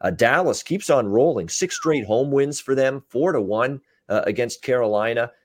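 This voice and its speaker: A man co-hosting a sports betting podcast, recapping games in casual chat with frequent filler pauses and a North American accent. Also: medium pitch, expressive. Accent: North American English. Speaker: podcast co-host, betting analyst.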